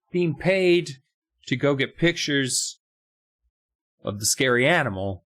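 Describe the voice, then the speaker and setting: A man's voice: medium pitch, very animated, slow pace, long pauses, a bit bright. A man co-hosting a podcast in casual chat, joking wryly with plenty of swearing. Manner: wry, profane joking. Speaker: podcast co-host.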